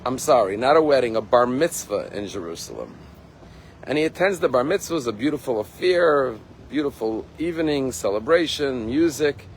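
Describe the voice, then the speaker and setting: A male rabbi preaches in an earnest, emphatic storytelling manner at a mid pitch. His delivery stays personal and direct. A faint background hiss sits under the voice. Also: lively intonation, normal speed, rough recording. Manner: earnest, emphatic, acts out quotes. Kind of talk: sermon storytelling.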